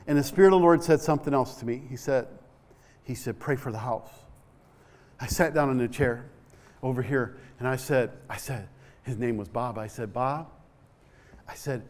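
A middle-aged male pastor telling a story in a church sermon, repeating his words and rising to shouts. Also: mid-range voice, normal speed.

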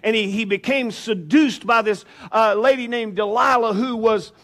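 High-voiced pastor preaching. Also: male voice, moderate pace. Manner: animated storytelling, acts out voices, jokes with congregation. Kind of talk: sermon. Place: church sanctuary.

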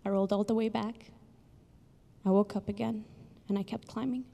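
A woman doing a quiet humble snail. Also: medium pitch, fairly even intonation, normal speed, vocal fry. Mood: earnest. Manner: quiet and earnest. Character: small patient male snail, humble and determined. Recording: long hall reverb.

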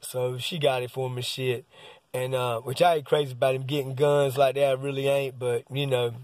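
A man's voice: medium pitch, little pitch movement, brisk, darkish tone, dry recording. A man, rambling and swearing casually as he tells a story about his son. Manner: rambling, profane, keeps saying "man". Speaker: father telling a story.

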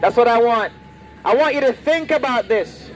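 Male street preacher, high pitched, loud and confrontational, preaching outdoors. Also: animated, normal speed, a little hiss or hum, rough recording. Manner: loud, confrontational, repeats his lines. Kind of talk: open-air street preaching.

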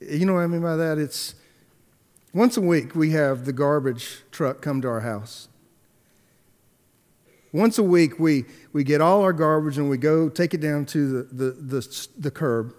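Man, pastor, sermon storytelling, slightly higher voice, long hall reverb, hushed-to-emphatic swings. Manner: halting restarts and repeated words.

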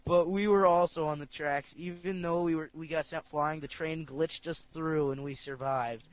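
A male podcast host with a fairly high voice, chatting casually and joking as he reads out listener stories. He laughs often between lines. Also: steady tone, measured pace, dry recording. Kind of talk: casual chat, reading listener stories aloud.

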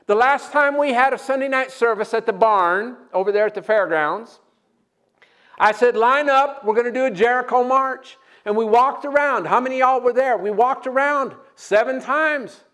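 A man preaching a sermon as pastor, energetic and joking, breaking into loud shouts. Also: very high voice.

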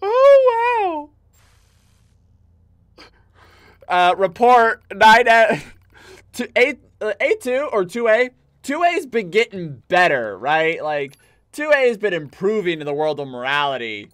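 A man's voice: high-pitched, huge pitch swings, slow pace, pauses often, fairly bright tone, no room sound. A man streaming a video game, giving casual commentary full of swearing and emotional outbursts.

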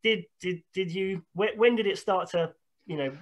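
A man's voice: high voice, normal speed. A man hosting a video call interview, encouraging his guest, with frequent restarts. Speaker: interview host.

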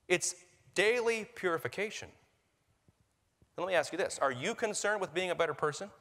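A pastor delivers a sermon in a lively, conversational way, breaking into quoted voices along the way. His voice sits a little high for a man. The sanctuary adds a long, ringing reverb. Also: brisk, long pauses. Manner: animated preaching, acts out quoted voices, laughs at own jokes. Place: church sanctuary. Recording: reverberant church hall.

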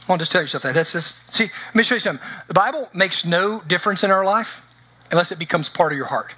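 Male pastor, sermon delivery, fairly high and bright, casual and engaging with the congregation. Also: animated, quick pace, breathy edge. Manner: conversational preaching, checks in with the congregation. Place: church.

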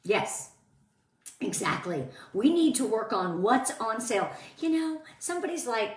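A sales consultant team leader runs a casual live-stream training in an echoey room, her voice off-mic and distant. Her fairly high voice is very animated though a little slow, and she bubbles along, greeting viewers by name while showing products.

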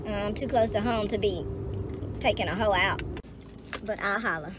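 A woman's voice: mid-range voice, moderate pace. Woman storytelling from her car. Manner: candid, profane, wry. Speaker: vlogger. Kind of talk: casual storytelling while driving. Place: car in city traffic. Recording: road and traffic noise.

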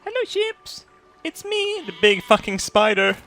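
A squeaky, teasing giant spider, as a man puts it on, playful and mock-menacing as it talks to its game prey. The voice is pitched high and sharp, swooping up and down in pitch. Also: very animated, measured pace, exaggerated voice.

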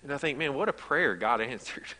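A man of medium pitch preaches as pastor in a church sanctuary, his bright, forceful voice carrying a big-room sound. He's expressive and a little fast, telling stories conversationally before building to an emphatic pitch.

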